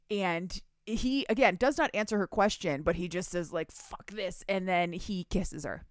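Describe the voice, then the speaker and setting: A woman's voice: on the low side, moderate pace, hardly any pauses, no room sound, studio quality. A young woman co-hosting a podcast, casually and animatedly retelling a book's plot with laughs and swearing. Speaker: podcast co-host recapping a book. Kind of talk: casual chat.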